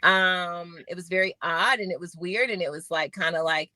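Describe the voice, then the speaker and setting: A woman's voice: fairly low pitch, moderate pace, no room sound. A woman in her forties from Arizona, a former sprinter, telling stories in a casual podcast interview, acting out quotes. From Phoenix, Arizona, USA. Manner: animated storyteller, acts out quotes. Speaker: guest, former Olympic sprinter.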